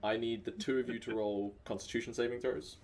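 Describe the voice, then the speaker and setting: A man running a tabletop game as game master, narrating scenes in a relaxed way with frequent fillers. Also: mid-range voice, brisk.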